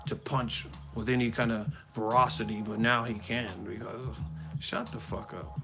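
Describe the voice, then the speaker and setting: A man hosting a boxing live stream, riffing in a mocking, foul-mouthed rant. His voice sits at an ordinary middle pitch, and clear music plays behind him. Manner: mocking and profane, fast riffing.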